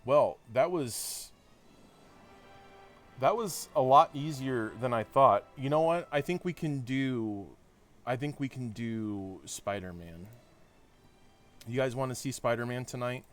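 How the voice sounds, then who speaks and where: A man's voice: mid-range voice, slow, long pauses, faint music behind. A man casually commenting on a game he plays live, chatting with his viewers and thinking aloud. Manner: chatty, talks to chat, thinks aloud with restarts. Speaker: streamer.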